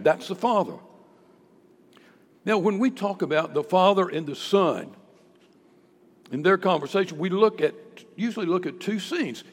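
A man preaching a sermon with impassioned delivery, dropping to a hush and then rising loud again. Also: high-pitched. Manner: impassioned, swings between hushed and loud. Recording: echoey hall with long reverb.

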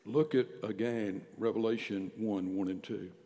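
Low-voiced male pastor, sermon delivery that swings from emphatic to hushed, reverberant sanctuary sound. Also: steady tone, normal speed. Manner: emphatic, dropping to hushed near-whispers. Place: church sanctuary. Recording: long hall reverb.

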